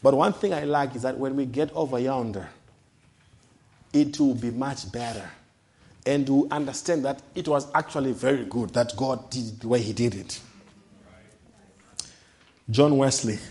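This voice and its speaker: A man preaching a sermon, emphatic, rising to loud declarations and dropping to soft low asides. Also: moderate pace, long pauses.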